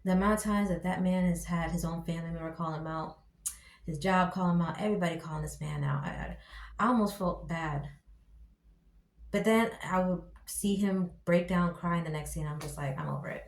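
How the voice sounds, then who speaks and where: A woman reviewing a TV show in casual commentary, ranting in an exasperated, slangy and animated way. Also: on the low side, normal speed. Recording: echoey room.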